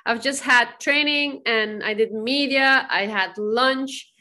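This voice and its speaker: A woman's voice: a little high, slow pace. A young woman, a podcast guest, chatting casually and telling stories with lots of laughter. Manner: bubbly, laughs often, animated storytelling. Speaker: interview guest.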